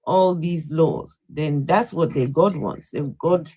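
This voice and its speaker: A woman's voice: low-pitched, slow, warm tone, slightly rough, low-quality recording. A woman with a Nigerian accent hosting a live call-in debate, pressing her question again and again. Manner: insistent, repeats her question.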